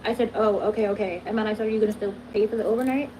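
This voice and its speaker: A woman's voice: a little high, steady tone, rapid-fire, dark tone. A young woman recounting a text exchange in casual, exasperated storytelling. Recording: noisy background in the clip.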